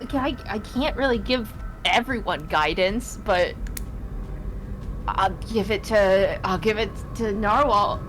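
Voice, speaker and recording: A woman playing a tabletop game, excitable and quick to laugh. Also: mid-range voice, slight background noise, rough recording. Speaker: player. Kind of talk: casual tabletop play.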